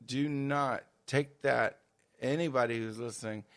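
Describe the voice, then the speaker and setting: A man of middling pitch co-hosting a podcast in casual chat. He throws in bawdy, crude jokes with an easy, joking manner. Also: fairly even intonation, unhurried, fairly bright tone. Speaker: podcast co-host.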